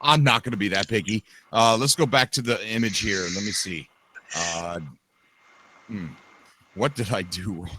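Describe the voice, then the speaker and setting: A man hosting a casual live podcast, excitable and quick to raise his voice. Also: on the low side, slight background noise. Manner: excitable, animated, quick to shout. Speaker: podcast host. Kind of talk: casual livestream chat.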